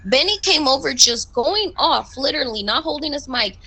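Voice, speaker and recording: In an in-character roleplay voice chat, a woman playing a police recruit argues heatedly with a superior, complaining and confronting them. Her high voice is expressive, bright, and forceful at a normal speed, and the recording is rough.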